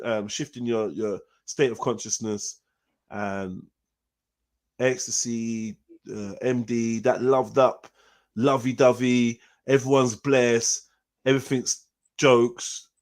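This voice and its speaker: A man hosting a casual live panel chat, animated and joking, laughing often and swearing freely. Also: medium pitch, slow. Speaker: host.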